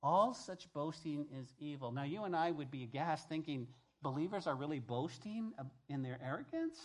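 Pastor, male, slightly high voice; emphatic sermon delivery, repeats lines, loud-to-hushed swings. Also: animated, normal speed.

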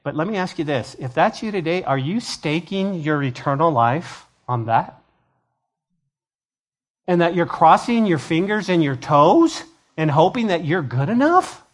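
Pastor, male, conversational sermon style, animated, acts out voices, voice a touch high. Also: a little slow. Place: church sanctuary.

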